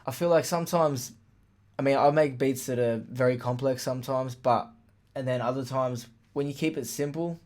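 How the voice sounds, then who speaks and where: A man's voice: mid-range voice, moderate pace. Laid-back man explaining his beat. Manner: relaxed, plain-spoken, fillers like "like" and "literally". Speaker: music producer explaining a beat. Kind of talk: casual tutorial walkthrough. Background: faint playback of his beat.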